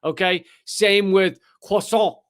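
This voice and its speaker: A man's voice: high-pitched, steady tone, takes it slowly, fairly bright tone. A man hosting a live-streamed comedic news show, riffing loosely and sarcastically with profanity and lots of fillers.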